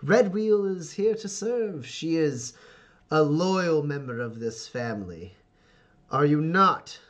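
A man's voice: fairly high pitch, animated, slow pace, fairly bright tone, voice pushed up. A man voicing a stern, domineering male clan patriarch who speaks in a commanding, smug way.

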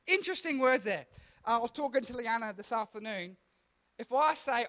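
High-voiced chatty man preaching to kids. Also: expressive, brisk, fairly bright tone. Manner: chatty, self-deprecating, stumbles and restarts, asks the room questions. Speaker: youth pastor. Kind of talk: casual sermon to kids.

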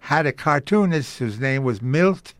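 A man's voice: medium pitch, animated, measured pace, no echo. An older man telling stories about his early radio career in an interview, acting out the voices of the people he quotes. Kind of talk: storytelling interview.

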